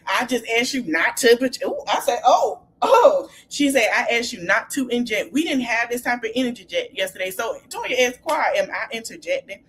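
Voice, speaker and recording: Woman host, chatty recap, lively and quick to laugh, faint noise under the voice. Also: on the high side. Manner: animated, laughs often while retelling scenes. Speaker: podcast host. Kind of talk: casual reality TV recap.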